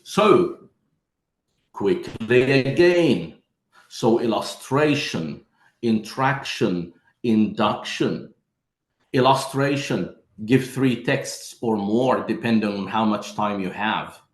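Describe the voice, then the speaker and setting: A man with a fairly low voice leads a lesson for teachers. He explains each step patiently and calls his listeners "my friends". The room around him rings with echo. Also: animated, takes it slowly. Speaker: teacher trainer.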